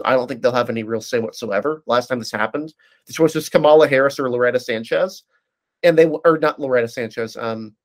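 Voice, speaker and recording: A man breaking down political races at a brisk clip, his voice at a middle pitch. He piles on detail and stumbles through restarts and "uh"s as he goes. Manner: fast, detailed, many fillers and restarts. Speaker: political analyst. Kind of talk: casual political discussion.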